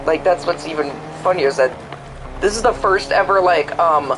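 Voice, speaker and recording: With music playing behind him on a low-quality recording, a young game streamer talks at a moderate pace in a voice on the high side. He rambles and swears plenty, acting out quoted exchanges from both sides.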